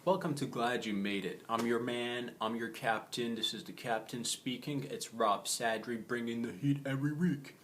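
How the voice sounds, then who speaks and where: A man's voice: medium pitch, normal speed, few pauses, a little hiss or hum. A young man hosting a comedy show, telling a brash, jokey monologue and calling his audience bros.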